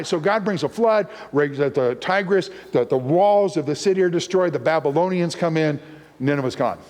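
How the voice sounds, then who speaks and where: A man preaching as a guest speaker to a live church audience, playful and full of puns, acting out voices as he teaches. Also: high voice. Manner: playful, punning, acts out voices. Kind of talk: sermon teaching. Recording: long reverb of a church hall.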